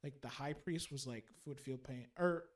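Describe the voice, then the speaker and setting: A man co-hosting a casual podcast, excitedly retelling a story and acting out the characters' lines. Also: medium pitch, normal speed. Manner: animated retelling, acting out quotes. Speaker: podcast co-host. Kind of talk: casual chat.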